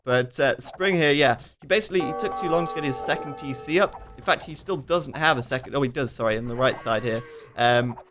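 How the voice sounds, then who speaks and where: A man giving live commentary on a strategy game match in a casual, chatty way, reading out viewer questions and dropping in quick asides with frequent fillers. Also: medium pitch, over music. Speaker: esports commentator.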